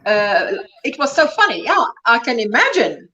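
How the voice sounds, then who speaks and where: A woman's voice: a little high, very animated, moderate pace, bright, forceful tone, lo-fi sound, slight background noise. A woman hosting a livestream chat, reading viewer comments aloud and reacting to them. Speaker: livestream host.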